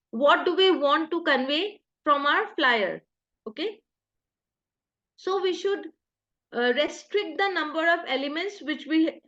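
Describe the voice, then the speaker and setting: A woman with an Indian English accent leads an online workshop, her high voice carrying steady step-by-step explanations. The call audio sounds slightly dull. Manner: patient, explains step by step with examples. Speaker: workshop trainer. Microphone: video call.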